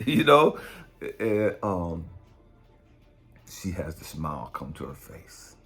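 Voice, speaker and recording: A man, a spiritual coach, telling a story in a blunt, profane, animated way. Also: low voice, measured pace, soft background music. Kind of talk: casual storytelling monologue.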